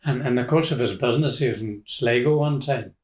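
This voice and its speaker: A man's voice: medium pitch, a little fast, darkish tone. Older Donegal man spinning family yarns. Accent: Irish, Donegal. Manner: rambling, with restarts and chuckles. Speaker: interviewee. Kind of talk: casual storytelling. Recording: roomy echo.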